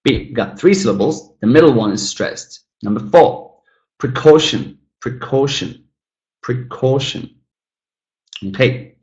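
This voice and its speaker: A man's voice: medium pitch, expressive, a little mellow, roomy sound, low-quality recording. A man teaching an English webinar, saying each example word twice and chatting to the learners as guys. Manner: drills each word twice, slow and careful. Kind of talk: webinar lesson.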